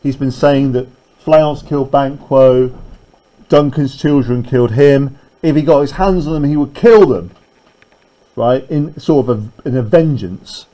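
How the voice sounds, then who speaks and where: A man's voice: medium pitch, mellow, low-quality recording. A man teaching a literature lesson, reading lines from a play and explaining them step by step, checking in with "right?" and "okay?". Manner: reads the verse slowly, then paraphrases quickly.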